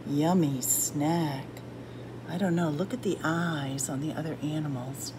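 A woman, a children's librarian, reading a picture book aloud to children with slow, expressive storytelling. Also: deep voice, slight background noise.

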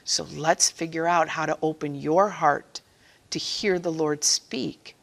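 A woman's voice: deep voice, steady tone, takes it slowly, creaky. A woman giving a personal faith-sharing talk to catechists, earnest and conversational, acting out quotes as she goes. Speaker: speaker at a catechist training session.

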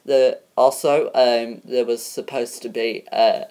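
A woman's voice: very deep voice, fairly even intonation, slow, warm tone. A woman presenting a homemade mock TV show in a casual, hesitant way, full of ums and uhs and tripping over names. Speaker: host of a homemade spoof show.

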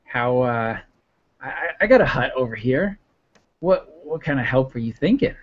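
A man's voice: medium pitch, expressive, close to an everyday voice. A man voicing a poor, ragged old woman who stammers timidly, heard on a muffled lo-fi recording. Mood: wary. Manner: halting, stammering.

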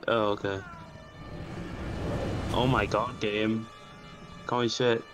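Excitable young man gaming. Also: fairly low pitch, slow pace, over music. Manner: excitable, confused questions, exclaims. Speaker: co-op game player. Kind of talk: casual gaming chat.

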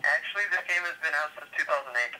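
A man's voice: a little high, quick pace, crowd noise. A man chatting on a call during gameplay, dry and exasperated. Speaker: friend on a call. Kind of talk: casual gameplay chat. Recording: noisy phone call.

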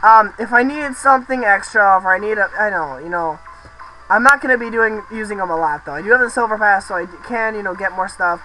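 A young man casually commenting on his gameplay, rambling, swearing and shouting excitedly at the game. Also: sits high, fast, soft background music, poor audio. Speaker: let's play host.

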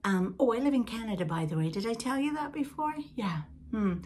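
A woman's voice: a little high, lively intonation, fairly quick, a little mellow, husky. An older woman from Britain hosting a podcast in a casual, rambling chat with asides to the listener. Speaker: podcast host.

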